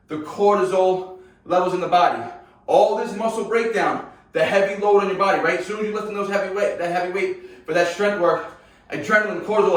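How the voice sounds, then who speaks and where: A man's voice: sits high, a bit bright. A man coaching a workout in a casual way, often checking in with his viewers. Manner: casual, keeps checking in with "right?" and "guys". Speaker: fitness coach. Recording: echoey room, far from mic, music behind.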